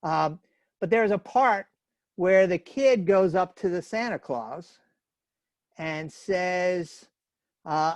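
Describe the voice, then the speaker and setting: A man's voice: high voice, slow pace, dry recording. Chatty man giving a folksy webinar talk. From New York area. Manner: chatty, folksy storytelling with fillers. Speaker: webinar speaker.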